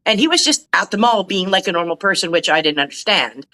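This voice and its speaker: Bright-voiced woman from Canada. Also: on the low side, big pitch swings, fast. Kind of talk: casual chat.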